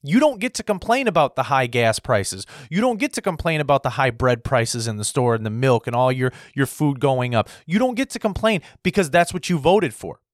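A man's voice: medium pitch, lively intonation, a little fast, few pauses, dry recording, clean studio sound. A man delivering a blunt, combative opinion rant, repeating himself and swearing as he goes. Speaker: political commentator. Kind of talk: ranting opinion monologue.

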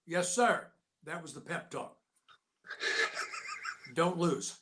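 An older American man spins long service stories as an interview guest, his voice sitting a little high for a man. He acts out the people he quotes with quick shifts in tone. His delivery stays loose, casual and conversational. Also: heavy background noise. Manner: animated anecdotes with voiced quotes. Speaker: interview guest, actor and Navy veteran. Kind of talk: casual storytelling.

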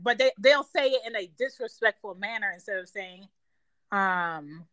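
A woman's voice: mid-range voice, animated, normal speed, a bit bright, dry recording. A woman giving her opinions emphatically in a casual talk show. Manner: emphatic, self-assured.

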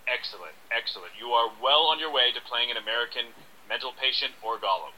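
A man's voice: medium pitch, bright, forceful tone, poor audio. A man playing a pompous, scamming acting coach in an improvised radio sketch, smug and lecturing. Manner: smug, lecturing, drawn-out emphasis.

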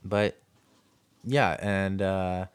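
A man's voice: low voice, steady tone, drawn-out words, clean tone, dry recording. A man co-hosting a podcast, talking through a film casually with many fillers and restarts. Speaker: podcast co-host.

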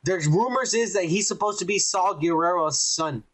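A fairly high-voiced man talks in loose, rambling podcast chat, swearing constantly and getting worked up as he goes. His delivery is excitable and profane throughout. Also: moderate pace. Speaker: podcast co-host. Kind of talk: casual chat.

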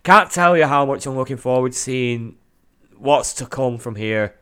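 Excitable man, bright voice. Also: mid-range voice, moderate pace, clear, resonant tone. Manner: excitable, swears a lot, laughs often. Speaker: podcast co-host. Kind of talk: casual podcast chat.

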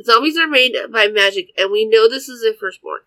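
A woman voicing a blunt young female monster hunter in a spoken story, with a bright, dry sound. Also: a little high, a little fast, no echo. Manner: speaks softly when chastened.

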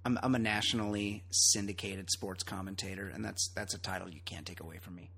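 A man co-hosting a podcast in casual banter, loud, opinionated and profane, often laughing. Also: low-pitched, fairly even intonation, fairly quick, creaky, a little hiss or hum. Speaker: podcast co-host.

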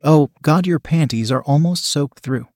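A man's voice: on the high side, normal speed, a little mellow, no echo, studio quality, close to an everyday voice. A man voicing a dominant, teasing woman who coaxes and gives stern commands. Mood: coaxing. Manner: coaxing, then stern and commanding.

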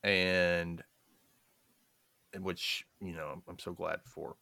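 This guest has a deep voice with vocal fry and a slow pace, recorded with no echo. He swaps family stories in a casual chat, laughing often and animatedly acting out the people he quotes.

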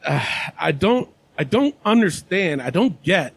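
A man's voice: a little high, sing-song, measured pace, gravelly, husky, no room sound. A man hosting a casual wrestling podcast chat, talking in a meandering, hedging way. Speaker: podcast host.

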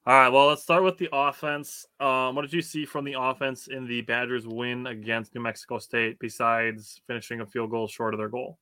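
A man's voice: medium pitch, flat delivery, normal speed, hardly any pauses, bright, forceful tone, smooth, no room sound, studio quality. A man co-hosting a sports podcast in casual chat, rambling and padding his points with "you know".

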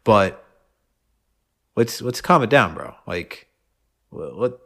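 A man's voice: on the low side, expressive, slow, fairly bright tone. A man co-hosting a casual sports podcast, rambling and fired up with lots of fillers. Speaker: podcast co-host.

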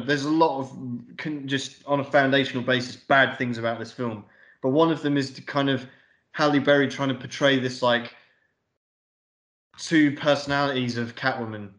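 A man's voice: medium pitch, a bit bright. A man co-hosting a podcast in casual film review chat. He rambles and swears a lot, with plenty of fillers. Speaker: podcast co-host. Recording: echoey room.

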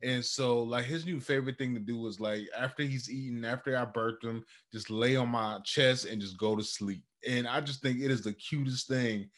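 A young man co-hosting a casual podcast, telling stories with lively energy. He slips into quoted voices as he talks, and his voice sits at an ordinary middle pitch. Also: moderate pace, few pauses. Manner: animated, drops into quoted voices. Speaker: podcast co-host. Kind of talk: casual chat.

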